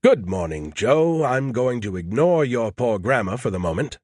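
A man's voice: medium pitch, big pitch swings, moderate pace, darkish tone, no room sound, clean studio sound. A man voicing an arrogant, snarky male alien AI that talks down to humans. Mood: mocking. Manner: condescending, mocking.

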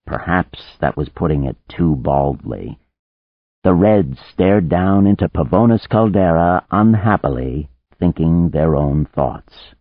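Man reading a novel aloud, deep voice that moves a lot, dry and tinny like over a phone. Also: expressive, takes it slowly, no room sound. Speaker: audiobook narrator. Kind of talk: scripted narration. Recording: narrow phone-like band, dry.

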